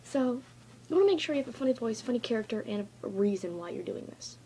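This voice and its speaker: A woman's voice: on the high side, expressive, quick pace, mellow, slight background noise. Chatty, goofy woman vlogging from her bedroom. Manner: chatty, goofy, easily sidetracked. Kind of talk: casual rambling tutorial vlog.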